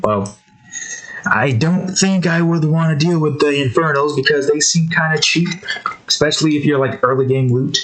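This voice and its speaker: A man's voice: a little high, normal speed, fairly bright tone, poor audio. Man, casual drawing commentary, rambling, self-correcting, slightly out of breath. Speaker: drawing video creator.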